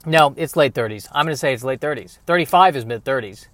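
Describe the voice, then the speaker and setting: A man's voice: medium pitch, lively intonation, quick pace, fairly bright tone, no room sound. A man in his thirties hosting a podcast, rambling through a self-deprecating comedic monologue. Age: 30s. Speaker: podcast host.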